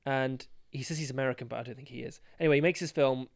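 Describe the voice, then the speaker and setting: A young man chatting as a podcast guest, telling stories with animation, laughing and swinging between loud and soft. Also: mid-range voice, steady tone, very fast, vocal fry, no room sound, studio quality. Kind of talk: casual chat. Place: podcast recording.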